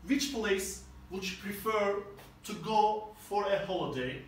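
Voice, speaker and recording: A male teacher with a fairly high voice walks through each exercise slowly and patiently. He is recorded from a distance in a very echoey room. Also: animated, a little hiss or hum. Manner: slow, explains step by step. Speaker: English teacher. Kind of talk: classroom lesson explanation.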